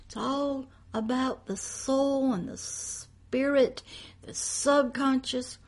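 A woman pastor preaching a monologue, emphatic, moving between loud declarations and hushed asides. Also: high-pitched, steady tone, takes it slowly.

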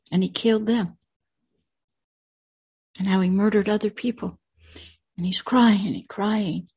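A woman's voice: medium pitch, fairly even intonation, unhurried, darkish tone, slightly rough, lo-fi sound. A woman hosting a religious video channel, retelling a film in an earnest, unscripted way with emphatic repetitions.

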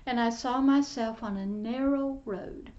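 A woman pastor giving an emotional spiritual testimony, often dropping to a soft whisper. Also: on the high side, a little slow. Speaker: pastor and teacher. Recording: muffled lo-fi recording.

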